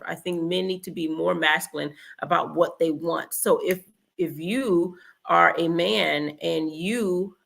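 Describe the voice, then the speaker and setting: A woman's voice: lowish voice, vocal fry, a bit bright. A woman hosting a relationship advice talk, blunt and emphatic, acting out little example conversations. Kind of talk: direct-to-camera advice talk.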